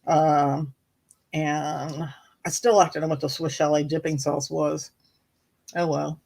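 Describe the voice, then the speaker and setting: A woman's voice: sits low, flat delivery, takes it slowly, vocal fry, a little mellow, low-quality recording. A woman with a Southern American accent, chatting casually and telling stories, who picks up the accents around her. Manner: chatty storyteller, mimics accents she hears. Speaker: co-host of a couple's channel. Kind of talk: casual chat.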